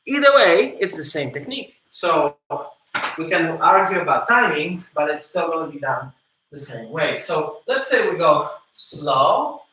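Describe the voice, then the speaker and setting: A man's voice: on the high side, pushed and bright. A man teaching a dance class, counting beats aloud and coaxing students through steps, heard from a distance in a studio. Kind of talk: live online dance class. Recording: echoey room, from a distance.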